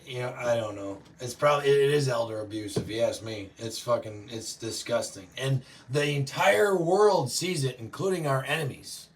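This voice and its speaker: A man hosting a show, ranting profanely and yelling often, reacting to live chat. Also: mid-range voice, normal speed, hardly any pauses, far from the mic, a little hiss or hum. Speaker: show host. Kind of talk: political rant to live chat.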